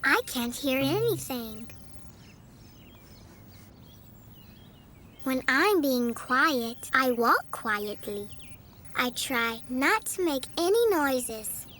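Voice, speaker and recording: A woman voicing a cheerful, curious young male bunny in a children's learning video, speaking slowly and in a sing-song way for small children. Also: sits high, big pitch swings, a little hiss or hum, exaggerated voice. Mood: hushed curious. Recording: loud kids' music behind. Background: children's music.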